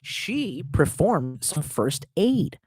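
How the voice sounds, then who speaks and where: A man's voice: a little high, very animated, drawn-out words, a little mellow, slightly rough, no echo. A young man streaming, telling a long rambling story in casual, profane talk.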